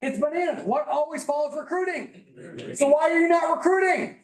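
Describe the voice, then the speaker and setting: A man giving an emphatic, preachy, high-energy motivational talk to a live audience, at times yelling. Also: normal speed. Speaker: motivational speaker at a business training. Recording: roomy echo in a hall.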